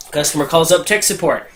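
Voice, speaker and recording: A man co-hosting a podcast, telling tech-support jokes in an animated way and shouting the customers' lines. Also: on the high side, slight background noise, low-quality recording. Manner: animated joke-telling with loud put-on customer voices. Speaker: podcast co-host. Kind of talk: casual podcast chat, reading tech jokes aloud.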